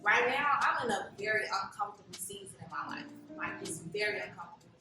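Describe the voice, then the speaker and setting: A woman's voice: medium pitch, lively intonation, fast, music in the background. Woman in her late twenties, echoey and distant. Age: late 20s. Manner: chatty, reflective, many fillers. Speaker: interview guest, self-love blogger. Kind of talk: casual interview conversation.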